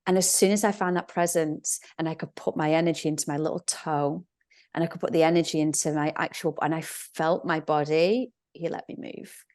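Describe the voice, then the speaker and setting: A woman's voice: low-pitched, steady tone, a little fast, a little mellow. A middle-aged woman, a podcast guest who teaches yoga, telling stories animatedly and acting out inner voices. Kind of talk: conversational podcast interview.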